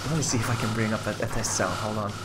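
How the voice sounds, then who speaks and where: A man streaming a game live, commentating casually, laughing often and yelling when the game beats him. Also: fairly low pitch, very fast, heavy background noise. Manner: excitable, laughs often, yells in frustration. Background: game music.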